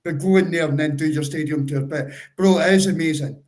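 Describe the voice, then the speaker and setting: Bloke on a fan stream, fairly high voice, rambling advice, keeps saying bro. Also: male voice, fairly quick, a little mellow, low-quality recording. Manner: chatty, gives step-by-step advice, stop-start phrasing; calls listeners bro. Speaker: co-host of a football fan livestream. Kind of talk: casual chat.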